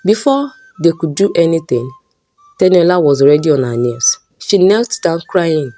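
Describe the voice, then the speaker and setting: A woman's voice: deep voice, lively intonation, moderate pace. A woman narrating a folk story aloud in a plain read-aloud manner. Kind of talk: storybook narration with character voices. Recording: soft background music.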